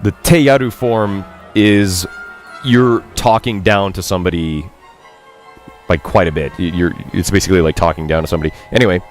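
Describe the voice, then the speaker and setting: A man streaming a game, translating its lines aloud as he goes, halting and thinking aloud with lots of fillers and some self-mockery. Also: deep voice, fairly even intonation, faint music behind. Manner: chatty and self-mocking, reads out character lines.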